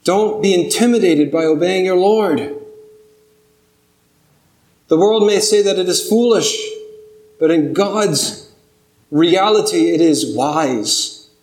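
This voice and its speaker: A man's voice: high-pitched, takes it slowly, pauses often, a little mellow. A man preaching a sermon, earnest and building to pleading intensity. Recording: echoey room.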